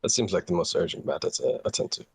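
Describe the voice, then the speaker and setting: A man's voice: low-pitched, lively intonation, fast talker, creaky, husky, no echo. A man chatting as a player in a tabletop game, with a dry, sarcastic manner. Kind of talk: casual chat at a tabletop game.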